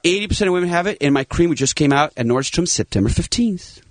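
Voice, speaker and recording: A man in his fifties, a plastic surgeon guest on a talk show, chatting in an excitable, salesy and jokey way. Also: a little high, fast talker, no echo. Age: 50s. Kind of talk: animated talk show chat.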